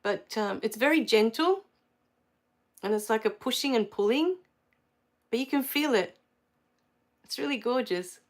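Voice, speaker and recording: A middle-aged Australian woman hosting a spiritual livestream, telling a personal story in a warm, effusive way that rises to excited exclamations. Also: on the high side, measured pace, pauses often.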